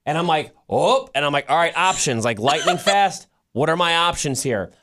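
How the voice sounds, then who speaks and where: A man's voice: on the high side, animated, normal speed, fairly bright tone, a little hiss or hum. A man co-hosting a podcast in casual chat, telling stories animatedly and acting out his own laughter. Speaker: podcast co-host.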